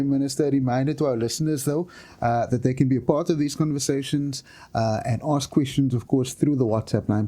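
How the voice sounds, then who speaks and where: A man hosts a radio show in a courteous, formal manner, giving listeners reminders as he wraps up. His voice is very dark and warm, at an average pitch for a man. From South Africa. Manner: brief backchannels, polite formal sign-off. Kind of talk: radio interview.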